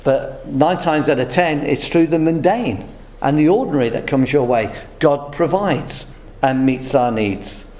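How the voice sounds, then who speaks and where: A man's voice: fairly high pitch, unhurried, darkish tone. Preacher man in a roomy church. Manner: storytelling with humorous anecdotes. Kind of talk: sermon. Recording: roomy echo.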